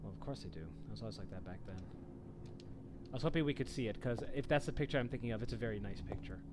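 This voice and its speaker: A man's voice: on the low side, rapid-fire. Chatty guy playing a game and talking it through, hissy home mic. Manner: chatty, reads game text aloud, swears at enemies. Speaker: let's play host. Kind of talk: casual game commentary.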